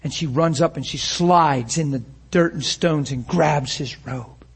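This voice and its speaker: A man's voice: on the high side, unhurried. A man preaching a sermon with passion, firing rhetorical questions and acting out the scenes he describes.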